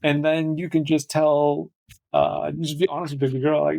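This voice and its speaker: Gravelly young man rambling jokily. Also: fairly high pitch, flat delivery, moderate pace, mellow. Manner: rambling, jokey, self-interrupting. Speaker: podcast host. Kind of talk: casual podcast monologue.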